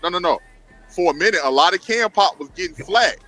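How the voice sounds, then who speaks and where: A man in a casual podcast chat who tells loose, profane stories. His voice is bright and a little high for a man. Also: lively intonation, fairly quick. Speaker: podcast co-host.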